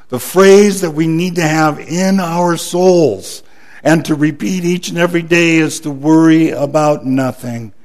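A man preaching a sermon as pastor, building emphasis on repeated phrases and dropping softer in prayer. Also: a little high.

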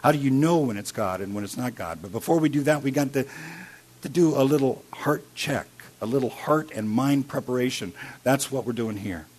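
A male pastor from Iowa tells a personal story in his sermon, moving between forceful, loud moments and whispered, quiet stretches. He has a medium-pitched voice with a breathy edge and talks a little fast.

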